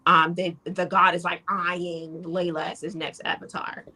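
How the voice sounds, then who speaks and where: A woman talks through a show recap in loose, casual chat. Her voice is bright and forward. She retells scenes with energy and slips into the characters' lines as she goes. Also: fairly low pitch, little pitch movement, unhurried, poor audio. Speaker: podcast co-host.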